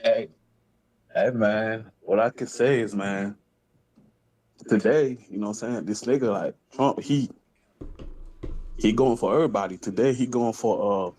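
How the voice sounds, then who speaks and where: A Haitian-accented man in his thirties calls in to a talk stream. His voice sits on the low side, and he talks in halting bursts, restarting his sentences and swearing casually. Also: darkish tone. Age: 30s. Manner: halting, with many restarts and curse words. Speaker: caller. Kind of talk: casual call-in chat.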